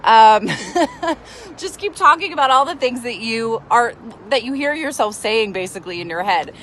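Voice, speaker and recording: A woman's voice: fairly high pitch, lively intonation, normal speed, a bit bright, slight background noise. A woman in her thirties, a self-help coach talking casually to camera, chatty and enthusiastic with lots of fillers. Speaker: tapping coach.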